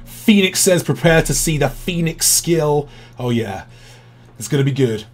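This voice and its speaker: A man's voice: on the high side, animated, measured pace. A British man with a slightly raised voice hosts a game livestream. He chats casually, reads viewer messages aloud and pokes fun at his own play. Faint music plays underneath. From Britain. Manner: chatty, self-deprecating, reads out chat messages. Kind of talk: casual gameplay commentary.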